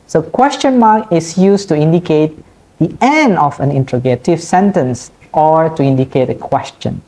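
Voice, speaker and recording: A woman lecturer with an Indonesian accent, explaining punctuation in a recorded online class and repeating each example slowly. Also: low-pitched, lively intonation, dark tone.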